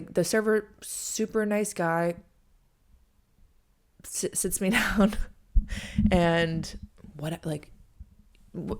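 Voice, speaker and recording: Chatty young woman telling a story. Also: fairly low pitch. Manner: chatty, heavy use of "like", drops to hushed asides. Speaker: podcast host. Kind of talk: casual storytelling monologue.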